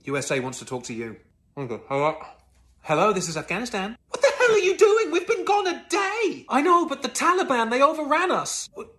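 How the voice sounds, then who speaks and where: A woman's voice: sits high, huge pitch swings, fairly quick, a bit bright. A woman acting out a comic phone-call sketch, switching between mock voices and sounding exasperated.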